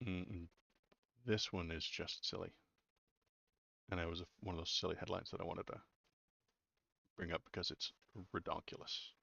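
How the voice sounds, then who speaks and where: A man's voice: low voice, level tone, normal speed, creaky, long pauses, pushed and bright, dry recording, highs cut off. A man hosting casual political commentary, blunt and sarcastic, sometimes stumbling over words.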